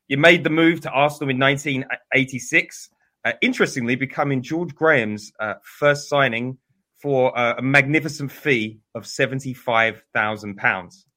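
Male podcast host, mid-pitch, bright tone, casual and halting. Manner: reads guest's career summary with frequent "uh"s.

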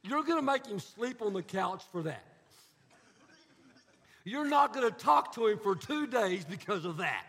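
Middle-aged male preacher, very high bright voice, sarcastic and animated, long church-hall reverb. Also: a little slow, creaky, long pauses, husky. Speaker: pastor. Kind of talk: sermon.

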